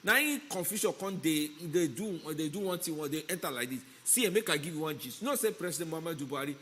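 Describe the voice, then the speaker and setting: A man with a Nigerian accent trades banter as a talk-show co-host. His voice sits high for a man, and he delivers everything in a playful, sing-song way. He sounds animated and loose in the studio. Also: fast, slight background noise. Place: broadcast studio.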